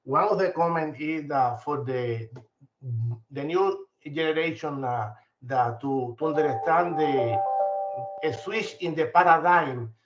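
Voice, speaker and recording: An older physician with a Spanish accent gives a long comment, hesitating often with fillers and restarts. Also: male voice, on the high side, slow, soft background music. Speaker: physician asking a question. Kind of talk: audience comment at grand rounds. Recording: echoey room, muffled lo-fi audio.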